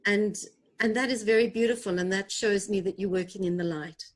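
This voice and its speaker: A woman's voice: medium pitch, fairly quick. A woman hosting an interview, responding in a reflective and thoughtful way. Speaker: host.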